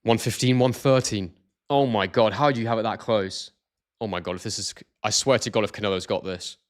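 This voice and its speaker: Excitable man hosting a live stream. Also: on the low side, a little fast. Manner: excitable, chatty, reads chat aloud. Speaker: boxing stream host.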